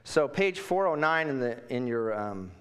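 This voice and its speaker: A man preaching a Bible lesson in a casual, conversational way, asking questions and swinging from quiet asides to emphatic bursts. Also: medium pitch, expressive, measured pace, smooth. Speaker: pastor. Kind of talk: Bible teaching sermon.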